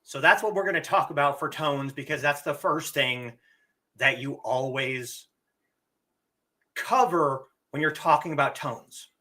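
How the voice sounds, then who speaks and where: A man giving a live-streamed lesson, explaining slowly and deliberately and drawing out his spoken examples. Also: fairly high pitch, pushed and bright. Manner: reads viewer comments aloud. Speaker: teacher and streamer.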